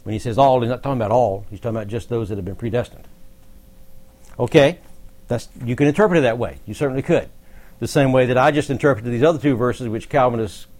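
A man's voice: medium pitch, fast, a little mellow. A man teaching a Bible study, explaining verses in a conversational way with asides to the group. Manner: conversational, explanatory, occasional laughs.

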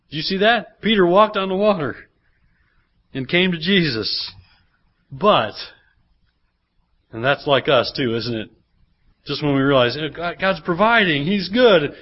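A man preaching a sermon as pastor, switching between teaching and acting out the people in the reading. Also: medium pitch. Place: church. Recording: dull lo-fi sermon recording.

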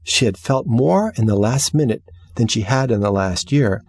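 A man narrating a story as an audiobook reader, with measured, expressive delivery. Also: mid-range voice, slightly rough, dry recording. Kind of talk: scripted narration.

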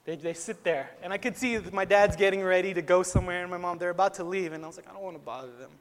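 High-voiced young man preaching in a reverberant hall. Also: fairly even intonation, fast. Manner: earnest, conversational storytelling with many "like" fillers. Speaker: speaker at a Christian gathering. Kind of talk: personal testimony sermon.

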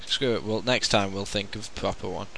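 A man's voice: lowish voice, fairly quick, gravelly, a crowd in the background. A young man hosting a podcast in casual, jokey, teasing chat. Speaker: podcast host.

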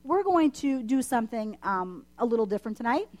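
A woman delivers a church sermon with a fairly high voice. She preaches with passion, hammering her points home through emphatic repetition. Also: big pitch swings, a little fast, a little mellow. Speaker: church speaker. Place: church service.

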